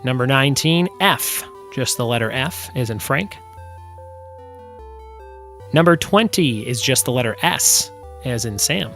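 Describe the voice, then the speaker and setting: A man's voice: medium pitch, expressive, measured pace, vocal fry, pauses often, a bit bright, soft background music. A young man hosting a solo trivia podcast, reading quiz clues and answers with chatty, self-deprecating asides.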